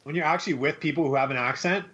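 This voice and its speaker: A man's voice: on the high side, racing, fairly bright tone, muffled recording. Regular guy joking around, crude teasing chat, bit of hiss in the back. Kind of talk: casual chat. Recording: faint background noise.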